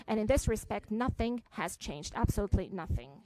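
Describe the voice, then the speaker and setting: A woman giving a simultaneous interpretation at a press conference, halting, with frequent fillers and restarts. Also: mid-range voice, animated, dark tone, rough recording.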